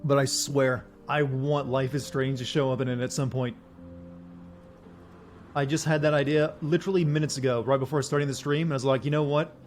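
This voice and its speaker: Deadpan man streaming a game. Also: mid-range voice, a little fast, soft background music. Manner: flat deadpan voice. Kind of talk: casual livestream chat.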